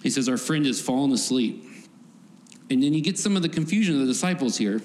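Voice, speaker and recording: A man's voice: medium pitch, animated, fast, a little mellow. A man giving a conversational sermon, often laughing and acting out voices from the story. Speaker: preacher. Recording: faint background noise, long hall reverb.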